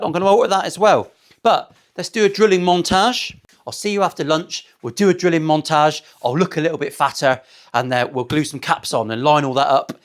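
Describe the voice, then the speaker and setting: A fairly high-voiced man talks as he works in his workshop, cracking jokes and swearing freely. His banter is cheeky and rambling, full of side remarks to the viewer. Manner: cheeky, joking, rambling asides. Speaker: luthier, guitar-building vlogger. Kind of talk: casual sweary banter while working. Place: guitar workshop.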